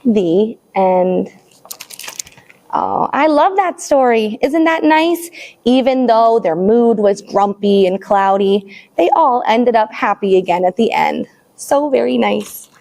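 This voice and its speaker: A woman librarian reading a picture book aloud to small children, expressive and animated, then leading a counting rhyme. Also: a little high. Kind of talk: storytime read-aloud.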